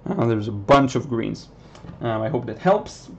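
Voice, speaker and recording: Man, mid-pitched voice, easygoing art stream chat, slightly muffled lo-fi audio. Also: a little slow, slight background noise. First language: Hebrew. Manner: relaxed, answers chat questions with many ums and uhs. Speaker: watercolor artist hosting a livestream. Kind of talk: casual live chat while painting.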